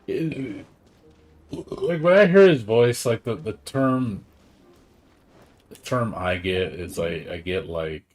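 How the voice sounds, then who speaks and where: A man chatting casually on a live game stream, rambling and excitable, swearing often and tired from staying up all night. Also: on the low side, slow pace, long pauses.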